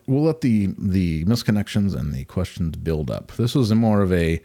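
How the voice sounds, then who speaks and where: A man's voice: low-pitched, animated, moderate pace, gravelly, hardly any pauses, mellow. A man co-hosting a podcast in casual chat, rambling and laughing as he talks. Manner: rambling, laughing, many "like" fillers. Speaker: podcast co-host.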